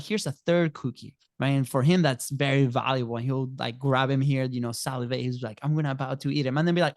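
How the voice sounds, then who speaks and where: A man's voice: medium pitch, fast, hardly any pauses, darkish tone, no room sound, studio quality. A man in his thirties, a podcast guest, talking casually and acting out little scenes in quoted voices, often checking in with "right?". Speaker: podcast guest, agency co-founder. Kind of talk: casual storytelling interview.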